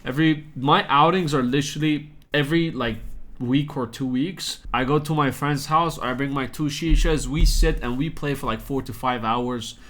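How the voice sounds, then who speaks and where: A man's voice: mid-range voice, normal speed, a bit bright. Casual, crude young man commentating. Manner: joking, crude, conversational. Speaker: commentary YouTuber.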